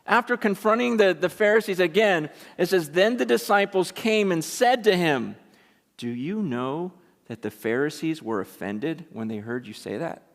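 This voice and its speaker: Casual-talking preacher in a reverberant hall. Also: male voice, high-pitched, expressive, moderate pace. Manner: conversational, emphatic, paraphrasing scripture in casual speech. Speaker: pastor. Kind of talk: sermon. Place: large meeting room with an audience. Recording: long reverb of a large hall.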